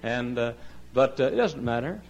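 A man preaching a sermon as pastor, pleading loudly and then dropping low and quiet. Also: expressive, normal speed, muffled recording. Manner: impassioned preaching, swinging from loud high pleading to low quiet tones.

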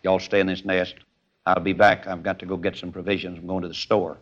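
A man's voice: medium pitch, lively intonation, brisk, fairly bright tone, highs cut off. A man voicing a wise, protective mother eagle who gives firm warnings. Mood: calm. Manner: firm, cautioning.

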